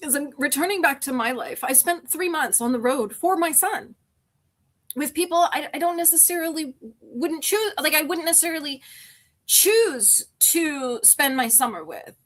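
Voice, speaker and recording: A woman's voice: high voice, lively intonation, normal speed. Candid middle-aged woman, rambling. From Canada. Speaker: live-stream host. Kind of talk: casual live-stream chat.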